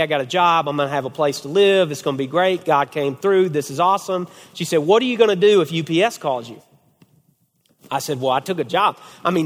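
A young man in his twenties preaching a sermon, telling a personal story with animated, acted-out quotes. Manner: animated storyteller, acts out quotes with big pitch swings. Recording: long hall reverb.

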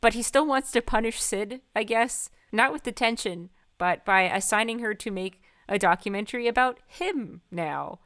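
Female podcast co-host with a smooth, clear voice; wry, amused recap storytelling. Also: a little high, normal speed, few pauses, fairly bright tone. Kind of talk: casual TV episode recap chat.

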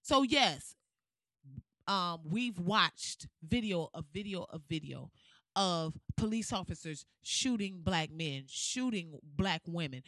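A woman's voice: mid-range voice, fairly bright tone, no echo. A woman giving casual ranting commentary in a blunt, profane, fired-up way.

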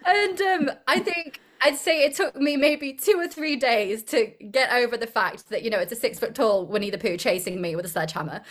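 A woman's voice: fairly high pitch, expressive, a little fast, hardly any pauses. A young woman, an actress being interviewed, chatting casually, rambling and giggling often. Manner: giggly, rambling, self-deprecating.

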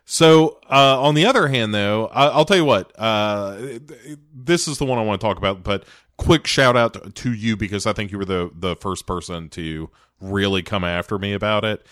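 A man with a fairly low voice co-hosts a casual movie podcast. He rambles, restarting his sentences and piling on fillers. The recording is dry and close. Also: normal speed, few pauses, a bit bright, dry recording. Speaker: podcast co-host. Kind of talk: casual movie review chat.

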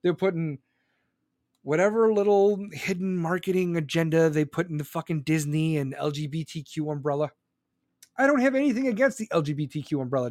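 A man with a high voice rants about politics, swearing freely and mocking his targets with sarcasm. The sound is dry and close, with no room echo. He talks like a live-stream commentator who is fed up. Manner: angry, profane, sarcastic ranting. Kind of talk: profane live-stream rant.

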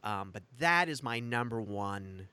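A man's voice: on the low side, animated, measured pace, sharp tone, clean tone, no room sound. A man co-hosting a casual podcast, laughing often and hesitating with fillers. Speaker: podcast co-host.

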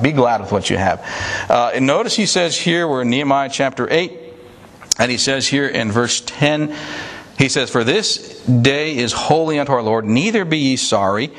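A man's voice: medium pitch, lively intonation, normal speed. A man preaching a sermon, telling a story in an easy, conversational way with many small restarts and fillers. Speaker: pastor.

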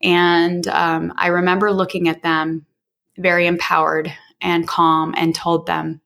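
A woman's voice: fairly low pitch, flat delivery, a little slow, gravelly, a bit bright. A woman in her forties from Illinois, telling her own story as an interview guest in a frank, casual way with some mild swearing. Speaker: podcast guest. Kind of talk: candid personal storytelling.

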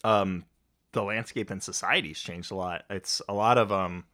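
A man with a fairly low voice co-hosting a podcast, musing thoughtfully with plenty of "um"s and "you know"s. The recording is close and dry. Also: moderate pace, fairly bright tone, no room sound. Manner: reflective, thoughtful, with frequent fillers. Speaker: podcast co-host. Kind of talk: casual chat.

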